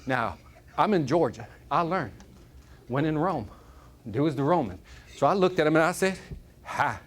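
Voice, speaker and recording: Man, motivational speaker, high and animated, comic storyteller to a live crowd. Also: normal speed. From Chicago, United States. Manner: energetic, joking, keeps asking "right?". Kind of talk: live keynote talk to an audience. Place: conference room with audience.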